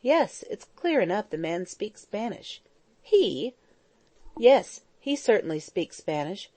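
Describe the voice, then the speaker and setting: The Major is a cool, mischievous soldier who teases his friend in a calm, even tone, as a woman narrator reads him. The voice is mellow and dark, recorded close and dry. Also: medium pitch, slow pace, no echo. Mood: teasing. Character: dry, teasing Scottish army major.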